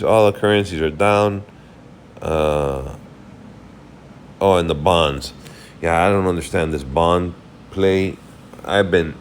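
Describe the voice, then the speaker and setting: Casting: weary male host, very low voice, loose unscripted market chat, faint hiss. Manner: rambling, thinks aloud while checking charts. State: tired, yawning. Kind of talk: casual market recap.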